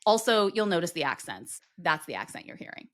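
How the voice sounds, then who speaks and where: A woman's voice: lowish voice, very animated, brisk, fairly bright tone. A woman co-hosting a podcast, chatting at length and explaining background in a casual way. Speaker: podcast co-host. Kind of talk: casual chat.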